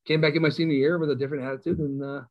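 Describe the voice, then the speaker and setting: Animated storytelling Kentucky coach. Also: male voice, a little high, rapid-fire. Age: middle-aged. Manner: animated storyteller, self-mocking, laughs often. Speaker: high school coach and guest. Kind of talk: casual storytelling interview. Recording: slightly dull lo-fi sound.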